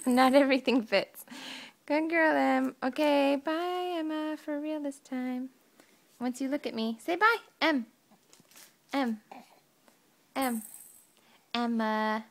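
A young woman filming her baby at home, cooing to her in sing-song baby talk and breaking into cheering shouts, recorded on a handheld camera. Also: sits high, slow, creaky, pauses often.

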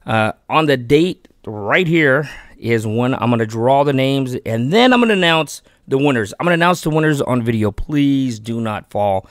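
Chatting away at a moderate pace in a mid-range voice, a Texas fishing-channel host eagerly covers gear and a giveaway. His casual, excitable vlog talk ends with him convincing himself to give the gear away. The sound is dry and studio-clean.

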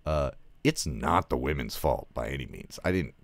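A man's voice: rumbling low, lively intonation, normal speed, creaky, no room sound. A man who teaches film, talking through a casual review in a rambling, loose way with laughing asides and lots of fillers.

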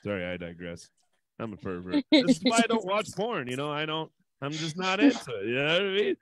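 A man hosting an online charity comedy show, bantering in a loud and playful way between acts. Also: a little high, big pitch swings, brisk, over a noisy crowd, poor audio. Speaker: host. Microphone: video call.

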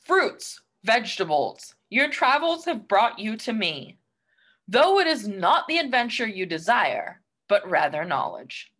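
A woman's voice: mid-range voice, very animated, measured pace, fairly bright tone. A woman voicing a wise old man of the produce, speaking in grand, riddling lines for a storybook read-aloud. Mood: solemn. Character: wise old male produce sage, solemn and cryptic.

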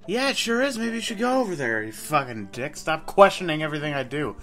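Sarcastic, foul-mouthed male let's-player, lively swings, bright voice. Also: on the high side, fast, soft background music. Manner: crude, sarcastic, mocking. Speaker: let's play gamer. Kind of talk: profane comedic game commentary.

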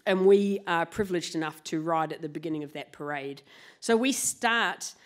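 Woman, live storyteller, lively, swears casually, slightly low voice. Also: moderate pace. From New Zealand. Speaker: motorcycle club president and storyteller.

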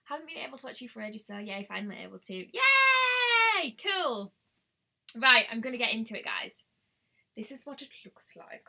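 A woman's voice: on the high side, fast talker, creaky, sharp tone, slightly rough. A woman chatting bubbly on a live stream, greeting viewers by name, recorded on a webcam at home. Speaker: beauty vlogger. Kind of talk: live-stream casual chat.

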